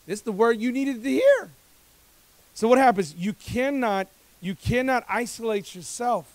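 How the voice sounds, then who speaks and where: A male pastor preaching a conversational sermon at a church service, energetic, joking with the congregation and asking rhetorical questions, often repeating words as he speeds up. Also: sits high, moderate pace, dry recording.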